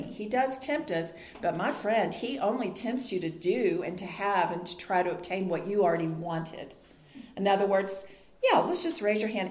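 A woman's voice: medium pitch, a little mellow. A woman teaching a Bible study group in an earnest, conversational sermon style, asking the group questions. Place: meeting room with a group. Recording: roomy echo.

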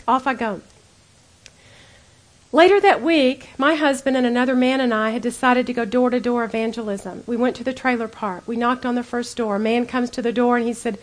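High-voiced woman telling prayer stories at a ladies' bible talk, earnest and chatty. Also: brisk. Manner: earnest, conversational, acts out her own prayers in a hushed voice. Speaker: women's Bible teacher. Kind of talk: storytelling sermon to women.

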